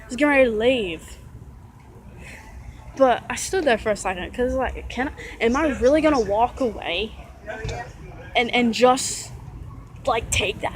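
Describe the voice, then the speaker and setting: A woman's voice: on the high side, slight background noise, rough recording. Exasperated rambling woman venting. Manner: rambling, repeats and corrects herself; exasperated, sighing. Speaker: vlogger. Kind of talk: casual venting monologue.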